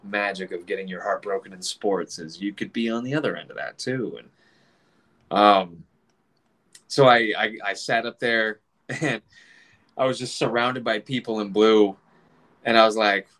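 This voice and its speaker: Lowish-voiced guy in his 40s telling a story, super animated, swears, jumps into other people's voices. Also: moderate pace, pauses often. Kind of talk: casual storytelling.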